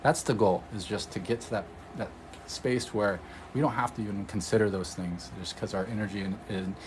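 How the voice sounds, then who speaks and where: A man's voice: on the low side, brisk, darkish tone, slight background noise, rough recording. A man from Oregon, an energy healer, chatting casually on a livestream, rambling and answering viewer comments. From Oregon, USA.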